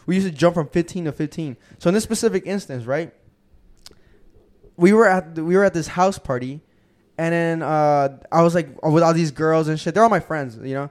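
A young man hosting a podcast, telling a profane, animated story and acting out the quotes in casual chat. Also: a little high, moderate pace. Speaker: podcast host.

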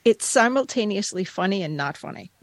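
Woman groomer telling a story, lively and a bit crude, dry mic sound. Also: mid-range voice, fairly quick, no echo. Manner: animated storyteller who acts out voices and swears casually. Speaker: podcast co-host, dog groomer. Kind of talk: casual storytelling chat.

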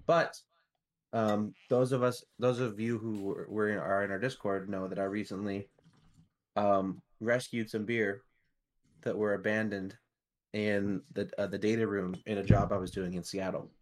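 Chill podcast dude bantering with his buddies, kinda low voice, laughs a lot. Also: steady tone, unhurried. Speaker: podcast co-host. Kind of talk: casual chat.

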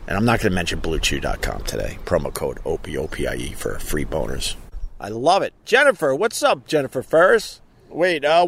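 A podcast host with a medium-pitched voice, recorded dry, runs a casual live stream outside. His manner is rambling and jokey as he reads viewers' comments aloud.

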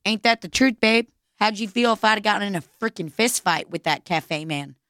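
A young woman telling a story in casual chat, animated and laughing, swearing freely. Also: medium pitch, normal speed, no room sound, clean studio sound.

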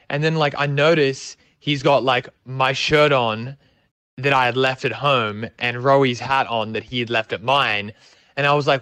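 A young Australian man, appearing as a guest, tells a rambling, sweary story in a casual way. His mid-range voice is fairly bright with fairly even intonation, a moderate pace and no echo.

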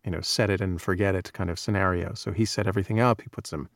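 Male audiobook narrator, relaxed and self-deprecating; low, gravelly, dry studio sound. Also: fast, no echo. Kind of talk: casual interview chat.

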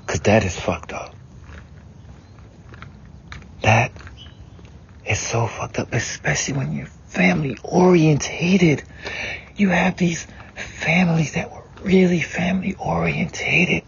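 A man speaks slowly in a raw, emotional monologue, swearing freely and often dropping to a hushed whisper. The recording sounds dull and lo-fi. There is clear noise behind him. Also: fairly high pitch. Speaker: speaker venting about family.

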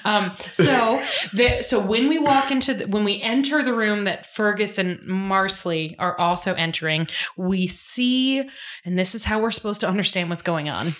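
Woman co-host, mid-pitched, casual and animated, swears and laughs freely. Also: moderate pace. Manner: animated, acts out characters' lines, swears, laughs often. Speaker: podcast co-host. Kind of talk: casual recap chat.

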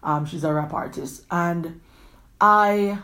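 A woman hosts her own podcast, speaking in a slightly low voice. She gives an earnest, rambling pep talk, circling back to the same phrases again and again. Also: a bit bright. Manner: earnest, rambling, repeats herself often; quick talker who gestures a lot. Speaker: podcast host. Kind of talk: encouraging motivational talk.

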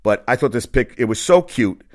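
A man's voice: medium pitch, lively intonation, brisk, darkish tone. A middle-aged man hosting a sports podcast, rambling and swearing as he rants in casual talk. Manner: rambling, profane, riled-up ranting.

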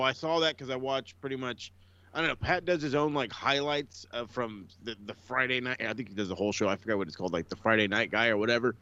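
A man's voice: mid-range voice, fairly bright tone, no room sound. A man on a casual podcast, blunt and profane, mocking what he talks about. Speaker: podcast co-host. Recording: dull dry mic sound.

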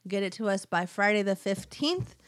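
A woman's voice: medium pitch, expressive, normal speed, no echo, studio quality. A woman co-hosting a podcast in casual chat, giggly, rambling and poking fun at herself. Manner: giggly, rambling, self-mocking. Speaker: podcast co-host.

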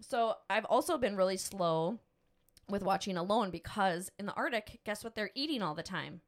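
Mom host talking casually, bouncy expressive voice, acts out people in her stories. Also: medium pitch, moderate pace. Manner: animated storyteller, acts out voices. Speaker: podcast host, mother. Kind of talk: casual chat.

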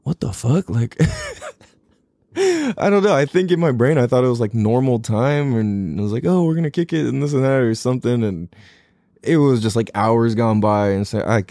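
Laid-back mellow-voiced man telling stories. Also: mid-range voice, no echo. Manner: laid-back, profane, rambling with frequent laughs. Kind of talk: casual storytelling monologue.

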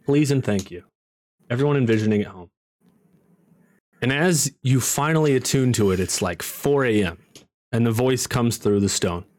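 A man narrating as dungeon master in a tabletop game, low and relaxed. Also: moderate pace, long pauses, no echo.

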